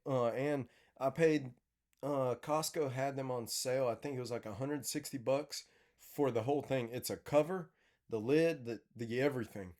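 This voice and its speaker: A young man chatting over breakfast on a podcast, spinning stories with plenty of laughter. He talks in a loose, relaxed way, often restarting his sentences as he goes. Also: medium pitch, moderate pace. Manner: animated storyteller, laughs a lot, restarts often. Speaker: podcast host. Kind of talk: casual breakfast chat and storytelling.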